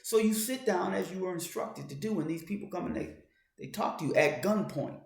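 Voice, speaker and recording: A man speaking in a raised, higher register, addressing the listener directly as "you" and circling back on his words. The room around him is echoey. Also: brisk, vocal fry. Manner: talks to the listener in second person, many restarts; grows louder and more urgent as he goes. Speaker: commentator. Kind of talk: monologue commentary.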